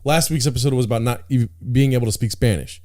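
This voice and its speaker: A man's voice: mid-range voice, fast, a little mellow. A man co-hosting a podcast in casual chat, blunt and profane, often stumbling over repeated words as he starts a sentence. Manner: blunt and profane, with stammered restarts. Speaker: podcast co-host.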